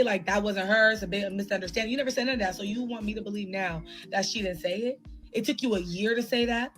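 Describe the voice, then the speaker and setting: A woman tells a personal story, heated and animated, acting out both sides of a conversation. Faint music plays underneath. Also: mid-range voice, fast, low-quality recording. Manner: animated, heated retelling with quoted dialogue. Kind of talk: casual storytime.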